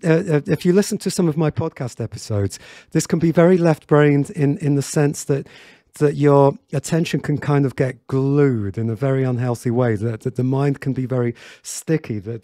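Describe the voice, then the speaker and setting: A man's voice: medium pitch, moderate pace, dark tone, dry recording, studio quality. A man teaching a piano tutorial in a chatty way, with many fillers and restarts, counting beats aloud.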